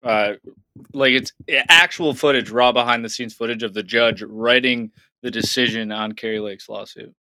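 A man co-hosting a casual talk show, answering in quick, halting bits and correcting himself. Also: medium pitch, fairly even intonation, sharp tone, no echo, poor audio. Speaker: co-host. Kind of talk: casual political chat.

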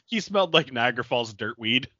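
A man's voice: medium pitch, lively intonation, brisk, pushed and bright, no room sound, highs cut off. A man co-hosting a podcast, recapping a film in casual chat, laughing often and filling his talk with "like". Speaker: podcast co-host.

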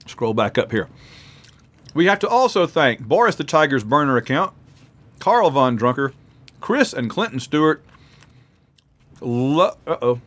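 A sports podcast host eats hot peppers as he reads patron names aloud in a quick, chatty way, speaking with his mouth full. His mid-range voice is very animated and a bit bright.

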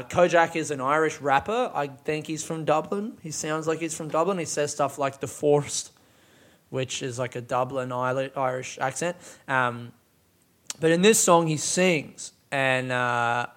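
A man's voice: medium pitch, unhurried, fairly bright tone. A young man casually breaking down song lyrics, swearing freely and laughing often as he talks. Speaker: music reviewer.

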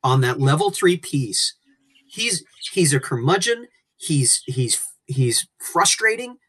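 A man's voice: on the high side, very animated, slow pace, fairly bright tone, breathy edge. A man co-hosting a casual book-discussion podcast, speaking enthusiastically and stretching words for emphasis. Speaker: podcast co-host. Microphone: remote call mic.

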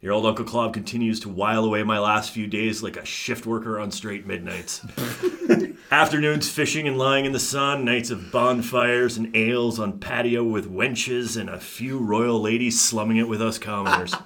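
Guy on a nerd podcast, sharp bright voice, hammy bawdy storyteller vibe. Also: on the low side, normal speed. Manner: hammy, bawdy, self-styled old uncle. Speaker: podcast co-host. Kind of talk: casual chat with mock-grand storytelling.

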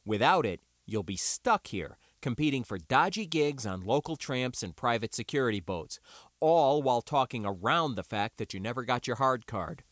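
A man reading an audiobook and voicing a round, easygoing male weapons instructor who lectures in a relaxed, explanatory way. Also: mid-range voice, normal speed, no echo, studio quality, close to an everyday voice. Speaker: teacher. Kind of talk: audiobook character voice.

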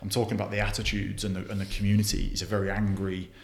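A man's voice: on the low side, completely flat delivery, racing, roomy sound, slight background noise. A young man talking bluntly in a casual interview, swearing often and restarting his sentences. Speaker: podcast guest.

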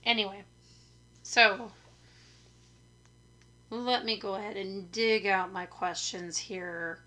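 A young woman hosting her podcast, talking in a hoarse, raspy voice, chatty and self-deprecating, rambling from one point to the next. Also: mid-range voice, fairly even intonation, slow pace, sharp tone. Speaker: podcast host. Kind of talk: casual chat. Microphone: studio microphone.

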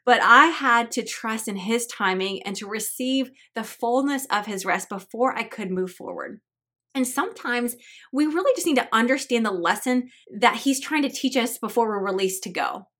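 A woman's voice: medium pitch, pushed and bright. A woman podcast host, a mother, telling personal stories and teaching scripture in an earnest devotional style. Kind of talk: Christian devotional podcast talk.

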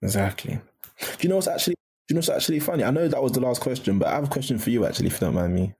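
Husky young man, chatty guest. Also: medium pitch, lively intonation, very fast, a little mellow. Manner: chatty, laughs often, many restarts and "like"s. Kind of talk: casual podcast conversation.

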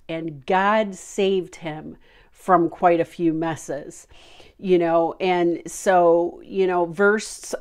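A woman's voice: on the low side, darkish tone. A middle-aged woman giving an informal, heartfelt Christian devotional talk, earnest and full of fillers.

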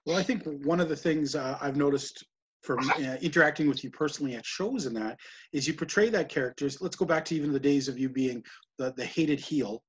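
Husky-voiced male interview host. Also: fairly high pitch, brisk. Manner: rambling, admiring, with many restarts. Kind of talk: casual interview talk.

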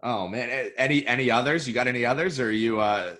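A man's voice: mid-range voice, fast, fairly bright tone. A man co-hosting a podcast in casual chat, encouraging his co-host and laughing along.

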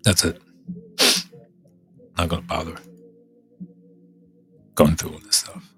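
A podcast host, a man with a congested, hoarse voice, rambling in casual chat, halting and trailing off as he thinks aloud. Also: extremely low pitch, completely flat delivery, fairly bright tone, soft background music.

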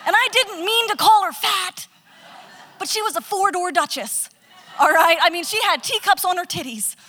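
A young woman telling a funny personal story, animated and self-mocking, laughing at herself as she goes. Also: very high-pitched, normal speed, slight background noise. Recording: long reverb.

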